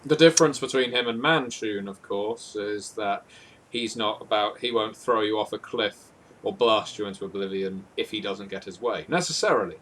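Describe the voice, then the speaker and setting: A man's voice: fairly low pitch, moderate pace, fairly bright tone. A man hosting an interview, reading viewer questions with hesitant fillers. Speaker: interview host. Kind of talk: casual interview.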